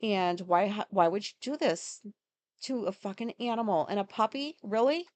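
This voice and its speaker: A woman's voice: medium pitch, expressive, normal speed, a little mellow, no echo. A woman hosting a podcast, talking through her day in a rambling, casual monologue full of fillers and swearing. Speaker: podcast host.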